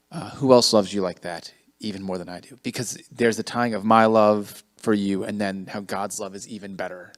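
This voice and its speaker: A man's voice: on the low side, fairly even intonation, normal speed, few pauses. A man in his forties leading a men's ministry gathering, talking in a sincere, self-deprecating way. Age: 40s. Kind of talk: casual group talk.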